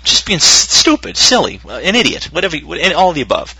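A husky-voiced man rambles through casual podcast banter, swearing and laughing as he goes. His pitch bounces around, and the recording is dry and close. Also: wildly swooping pitch, quick pace, sharp tone, no echo, poor audio. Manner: profane, rambling, laughs a lot. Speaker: podcast co-host.

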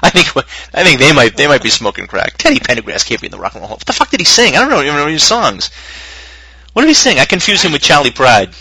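A man's voice: fairly high pitch, huge pitch swings, fast talker, sharp tone, breathy edge, dry recording, rough recording. A man co-hosting a podcast, rambling and swearing casually and laughing often. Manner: profane, rambling, laughs a lot. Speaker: podcast co-host.

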